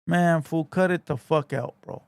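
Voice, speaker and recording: Profane man, higher voice. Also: normal speed, creaky, darkish tone, clear, resonant tone, dry recording. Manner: profane, blunt, laid-back street slang, calls everyone "fool". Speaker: podcast host reading viewer comments. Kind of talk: casual livestream chat.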